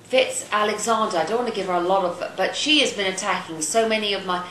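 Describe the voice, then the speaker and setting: A woman's voice: mid-range voice, fast talker, hardly any pauses, fairly bright tone. A woman from London with a Cockney accent, ranting bluntly to her viewers and swearing casually. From London, England. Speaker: video blogger. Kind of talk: ranting to camera. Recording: echoey room, faint ambient noise.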